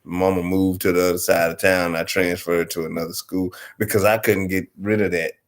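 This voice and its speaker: Deep-voiced, with flat delivery at normal speed, a Southern-accented Arkansas man hosts as a storyteller. He tells his comic story in a loose, profane, rambling manner and keeps asking "you know what I'm saying."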